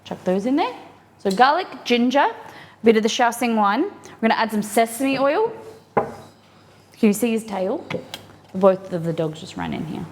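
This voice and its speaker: A woman streams herself cooking in her home kitchen, chatting upbeat with viewers and reacting to the chat. Her voice is on the high side, slightly mellow and very animated, at normal speed with frequent pauses. There's slight background noise.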